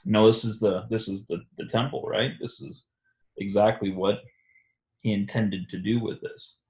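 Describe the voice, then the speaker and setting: A man hosting a reflective religious discussion, speaking haltingly with many restarts and fillers. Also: lowish voice, steady tone, darkish tone. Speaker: discussion host. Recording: echoey room.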